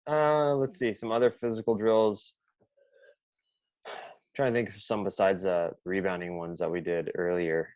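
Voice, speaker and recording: A man's voice: low-pitched, fairly even intonation, measured pace, long pauses, no room sound. Man coaching, dull dry sound. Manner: storytelling, acts out players' reactions. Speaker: basketball coach, podcast co-host. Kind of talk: casual podcast chat.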